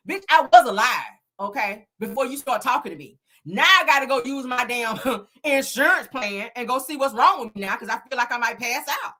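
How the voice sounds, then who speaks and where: A bright, lively woman dishes celebrity gossip to her viewers, her voice jumping all over as she laughs and cusses. The tone stays husky and a little breathy, and she sits fairly high. She keeps it loud and dramatic, full of sass. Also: brisk, hardly any pauses. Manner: sassy, laughing, profane, talks to viewers as y'all; animated, dramatic emphasis. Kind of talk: casual gossip commentary.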